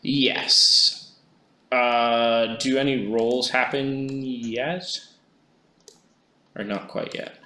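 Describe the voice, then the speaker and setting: A man talks through his moves in a tabletop game, slow and hesitant, pausing to think. His voice is bright and forceful. The room around him is echoey. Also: medium pitch, fairly even intonation. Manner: slow, hesitant, thinking aloud over rules. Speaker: player. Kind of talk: tabletop game play, casual.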